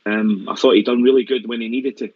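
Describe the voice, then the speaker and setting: A man's voice: medium pitch, fairly even intonation, fast, dry recording. A Scottish man calling into a football phone-in, hesitant and wry, with lots of fillers. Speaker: caller. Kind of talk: casual football phone-in chat. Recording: dull lo-fi line.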